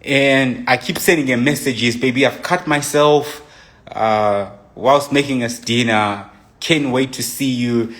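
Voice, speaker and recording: A man's voice: medium pitch, a little slow, fairly bright tone. Young guy on a phone live stream, rambling through what happened, keeps restarting, acts out his own texts. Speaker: livestreamer. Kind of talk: emotional personal account on a live stream.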